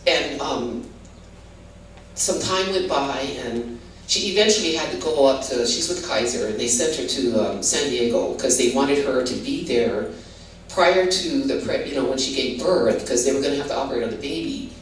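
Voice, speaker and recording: Her voice is bass-deep, with lively intonation and an ordinary pace. She's an older Hawaiian guest recounting her testimony, wandering casually through it with frequent "you know"s and restarts. The recording sounds roomy, the mic set back, faint noise underneath.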